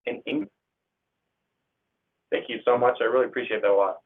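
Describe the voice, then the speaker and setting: A young man from Northern California hosts a casual livestream, reading viewer comments in an upbeat, slangy way. His mid-range voice moves rapid-fire with fairly even intonation, and the audio sounds tinny, like a phone.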